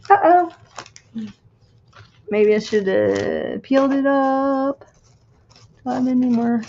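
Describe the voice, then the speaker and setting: A woman chatting casually as she crafts on a stream, thinking out loud and reading quotes slowly. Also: sits high, fairly even intonation, dull audio, slight background noise. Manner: thinks aloud, muttering to herself; reads quotes slowly and deliberately. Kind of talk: casual craft-along chat.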